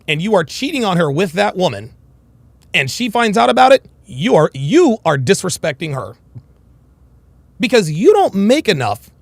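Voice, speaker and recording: A man with a high, gravelly voice rants bluntly and crudely, his pitch swinging all over the place. The sound is dry and close, with no room around it. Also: no room sound. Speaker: reacting commentator. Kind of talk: heated reaction commentary.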